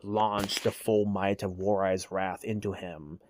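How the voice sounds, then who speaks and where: Low-voiced man rambling through his story. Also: little pitch movement, takes it slowly, no room sound, studio quality. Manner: hesitant, full of restarts and fillers. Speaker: creator telling his character lore. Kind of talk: casual rambling explanation.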